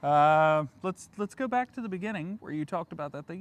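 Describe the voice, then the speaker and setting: A man casually commenting over farming game footage late at night, tired yet excitable. His slightly higher voice swings widely in pitch as he gets worked up, full of ums and uhs. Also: normal speed, no echo. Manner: excitable, animated, chatty with fillers. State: tired, yawning. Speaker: gaming channel host.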